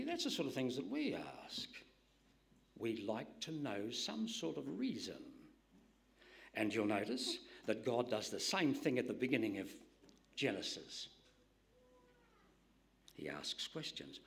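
A man preaching a sermon in an emphatic style, dropping to hushed whispers to stress a point. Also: medium pitch, very animated, unhurried, gravelly, pauses often.

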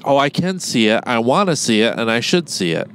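Michigan dude co-hosting a podcast, swearing, mock-angry rants, faint hiss behind. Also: male voice, mid-range voice, sing-song, fairly quick, a bit bright. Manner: profane, mock-ranting. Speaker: podcast co-host. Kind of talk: casual podcast banter.

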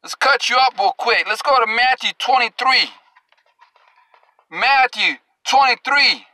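A man's voice: very high voice, lively intonation, a little slow, sharp tone, no room sound, low-quality recording. A male preacher delivering an angry, confrontational sermon, scolding and cursing at his listeners and drawing out scripture verses for emphasis.

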